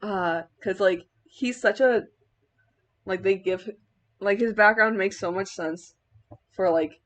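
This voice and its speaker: A young woman rambles through a relaxed vlog chat as she styles a wig, her thoughts spilling out with plenty of filler words. She laughs easily partway through sentences. Her voice sits at an ordinary middle pitch. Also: slow. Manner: giggly, laughs mid-sentence. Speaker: cosplayer. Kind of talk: casual vlog chat while styling a wig.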